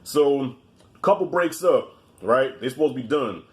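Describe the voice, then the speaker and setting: A man hosting a casual chat video, telling stories in an animated, profane way. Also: mid-range voice, unhurried. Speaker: video host. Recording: echoey room.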